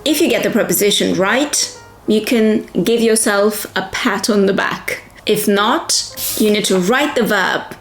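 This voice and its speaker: A woman leads an English pronunciation drill, taking it slowly and deliberately. She repeats each question several times for learners to copy. Her voice sounds roomy, with faint music underneath. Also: mid-range voice. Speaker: English teacher.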